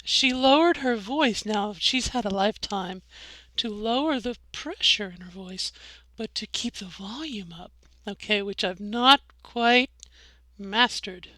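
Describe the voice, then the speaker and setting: A woman's voice: mid-range voice, a little slow, pushed and bright, no echo. A middle-aged woman talking through her voice training in a casual video diary, rambling and correcting herself as she goes. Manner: rambling, self-correcting, demonstrating her own voice. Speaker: vlogger.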